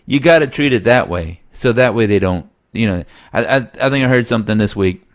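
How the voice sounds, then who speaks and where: A man co-hosting a sports podcast in casual chat, slightly nasal, rambling and animated, laughing often. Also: on the low side, brisk, hardly any pauses. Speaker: podcast co-host.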